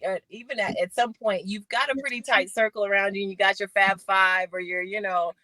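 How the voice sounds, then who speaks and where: Animated Arizona-raised woman, 40s, guest storyteller; bright, dry sound. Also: mid-range voice, a little fast, no room sound. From Phoenix, Arizona, USA. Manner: animated storyteller, acts out quotes. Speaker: guest, former Olympic sprinter. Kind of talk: casual podcast interview.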